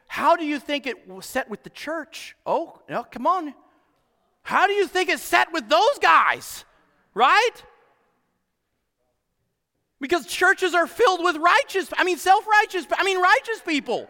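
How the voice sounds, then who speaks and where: A man preaching a sermon as pastor, animated and exclaiming often to his congregation. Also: extremely high pitch, moderate pace. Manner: animated, exclaiming "huh?" and "come on". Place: church hall. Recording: long hall reverb.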